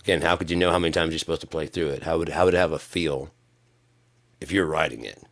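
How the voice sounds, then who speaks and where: Rumbling low and fast, a man rambles on a live stream about his music practice. He's sarcastic throughout, with occasional bursts of mock-angry yelling.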